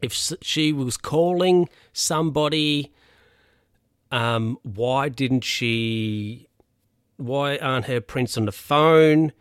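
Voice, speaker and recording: A man's voice: mid-range voice, slow pace, smooth, no room sound, studio quality. A man casually recapping a TV episode, rambling, with lots of fillers and restarts. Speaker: podcast host recapping a TV episode. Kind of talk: casual chat.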